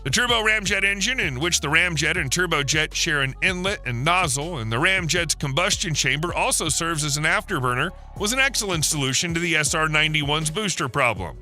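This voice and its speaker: A man reading a scripted documentary narration in a steady, explanatory way, posing rhetorical questions to the viewer. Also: high-pitched. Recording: voice-over with faint music behind.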